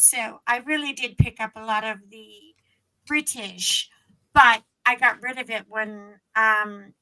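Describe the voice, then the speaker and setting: Bright, slow-talking chatty woman host. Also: fairly high pitch, no echo, low-quality recording. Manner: rambling storyteller with many fillers. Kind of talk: casual chat.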